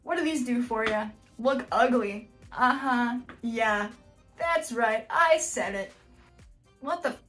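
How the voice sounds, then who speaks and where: High-voiced woman reacting with exclamations. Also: slow pace, fairly bright tone, soft background music. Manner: exclaiming, blunt and joking. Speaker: YouTube host reacting to house listings. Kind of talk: casual reaction commentary.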